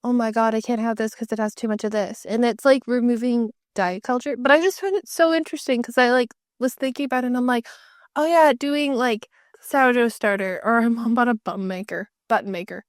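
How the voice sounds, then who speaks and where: A woman co-hosting a casual podcast, her voice a touch high and recorded dry and close. She talks fast, laughs easily and builds playful runaway chains of ideas. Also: no room sound. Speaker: podcast co-host.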